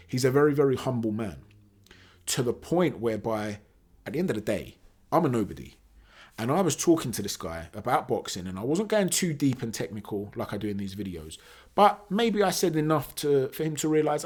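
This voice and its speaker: A man hosting his own boxing channel, talking through his views in a casual, animated monologue with fillers and self-corrections. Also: mid-range voice, slightly rough.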